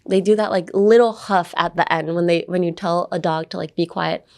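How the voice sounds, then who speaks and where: A young podcast host, a native English speaker, talks a little fast in a fairly low, steady, darkish voice. Her casual, playful pronunciation lesson has her repeating words over and over so listeners hear how they sound.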